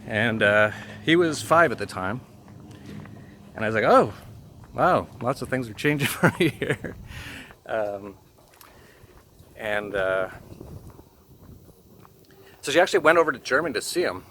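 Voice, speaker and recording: A man with a voice of ordinary middle pitch tells a personal story in a loose, conversational way. He talks haltingly and with feeling, breaking into soft laughs and leaning on filler words. A faint hum of noise sits under the voice. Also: animated. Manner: emotional and halting, laughs softly between phrases, many fillers. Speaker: channel host telling a personal story. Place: home in Mexico.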